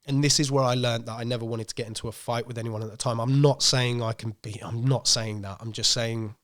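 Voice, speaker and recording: A man, co-hosting a podcast and telling a story in a casual, animated way. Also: mid-range voice, brisk. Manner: animated storyteller acting out quoted voices. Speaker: podcast co-host.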